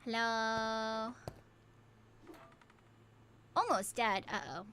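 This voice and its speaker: A woman's voice: a little high, slow, pauses often, fairly bright tone, slight background noise. A woman streamer giving casual gameplay commentary, playful and swearing freely.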